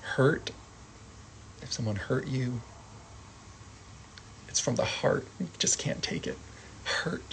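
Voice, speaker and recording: Slow, patient male sign language teacher. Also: mid-range voice, gravelly, slight background noise, low-quality recording. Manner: calm, repeats each word, gentle asides. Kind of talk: slow vocabulary lesson.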